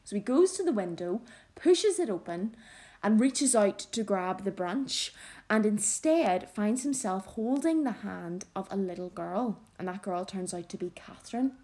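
A woman teacher reading a novel aloud and explaining it, in a measured, expressive storytelling manner. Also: medium pitch.

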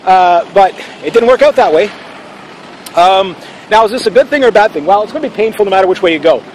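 Male vlog host, high-pitched, assertive and rambling, with faint street noise behind. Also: lively intonation, fast, low-quality recording. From Canada. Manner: assertive, rambling, with fillers and restarts. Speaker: channel host. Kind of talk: casual opinion vlog.

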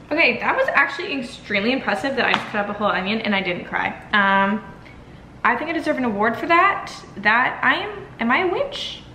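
A young woman in her twenties chatting casually to her camera at home, giggly and self-mocking. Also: mid-range voice. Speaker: vlogger. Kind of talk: casual vlog chat to camera. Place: home kitchen and small room, indoors. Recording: noisy home camera audio.

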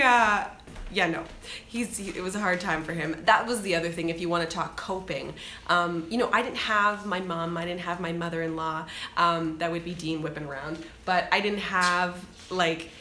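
A woman's voice: on the low side, sharp tone. A woman from Canada, in her thirties, chatting casually with viewers on a live vlog, laughing often as she tells stories. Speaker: vlogger. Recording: echoey room with faint background noise.

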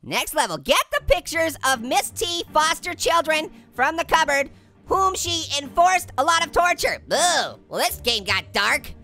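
A man's voice: big pitch swings, unhurried, sharp tone, soft background music, heavily acted. A man voicing a hyper, wisecracking male cartoon orange who giggles and puns through comedic gameplay commentary. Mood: giggly hyper. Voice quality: squeaky, pitched-up cartoon voice. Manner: giggly, punning, jokey. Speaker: let's play host.

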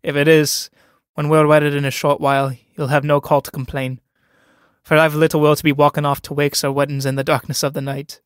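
A man's voice: fairly high pitch, little pitch movement, fairly quick, clear, resonant tone, dry recording, clean studio sound, close to an everyday voice. A man reading a play aloud, voicing a timid, awkward young farmer who speaks uneasily and hesitantly.

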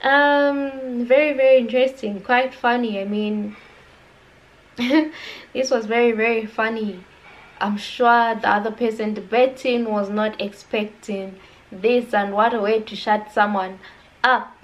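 A woman hosting a reaction video, sharing her thoughts in a relaxed, reflective way. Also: on the high side, measured pace, poor audio. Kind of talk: casual commentary to camera.

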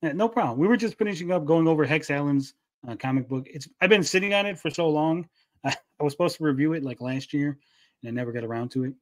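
A man's voice: fairly high pitch, fast talker. A man hosting a live stream, talking casually in a laid-back, chatty way. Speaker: host.

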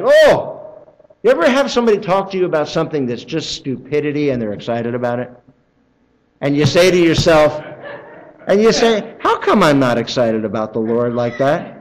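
A male pastor preaching a sermon in a church, conversational and animated, acting out other people's excited voices. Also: fairly high pitch, a little fast, low-quality recording. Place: church sanctuary.

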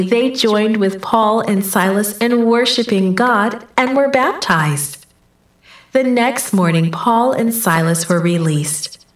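A woman reading a Bible story aloud in a church, in a measured storybook manner, lifting her voice for the quoted lines. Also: mid-range voice. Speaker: children's story reader. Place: church sanctuary. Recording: roomy, from a distant mic.

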